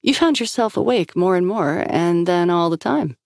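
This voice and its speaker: A woman narrator voicing a shrewd woman agent who questions in a measured, probing way. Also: fairly low pitch, animated, gravelly, no echo, clean studio sound.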